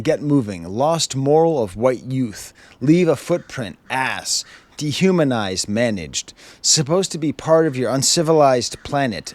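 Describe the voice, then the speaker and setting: A man's voice: mid-range voice, dry recording. A man reviewing an album in a casual way at home, wry and chuckling, reading lyrics aloud. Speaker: music reviewer. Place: home with his dog.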